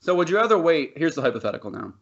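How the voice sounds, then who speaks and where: A podcast co-host with a fairly high voice and vocal fry races along, very animated, rambling and laughing through loose banter full of swearing. The podcast audio is dull and lo-fi.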